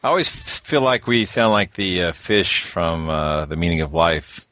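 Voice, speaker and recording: Low, bright-toned male co-host in dry sound. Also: expressive, normal speed, dry recording. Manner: jokey, laughs often. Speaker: podcast co-host. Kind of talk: casual chat.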